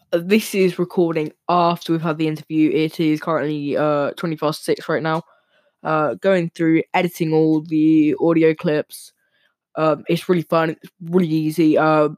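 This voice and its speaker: Fast-talking male podcast host, dry sound. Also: a little high, dry recording. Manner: talks very fast with many fillers and restarts. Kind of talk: casual solo podcast talk.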